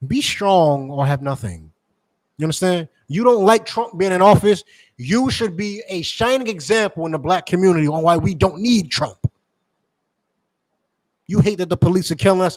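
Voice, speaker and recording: A man delivering a forceful sermon to his members, repeating points and asking rhetorical questions. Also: on the high side, no echo, low-quality recording. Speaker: teacher addressing members. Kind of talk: street-preacher style sermon.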